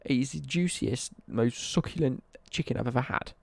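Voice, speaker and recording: A man's voice: mid-range voice, moderate pace, creaky, a little mellow, slightly rough, no room sound. A young British man ranting on a casual live stream, sweary and worked up.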